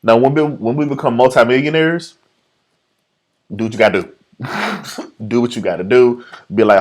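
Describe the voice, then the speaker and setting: A man chatting on his own podcast, his voice bouncing up and down in pitch as he argues his point with a grin. He laughs often and pushes back playfully when teased, keeping things loose and casual. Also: animated, moderate pace, long pauses. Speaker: podcast host. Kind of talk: casual chat.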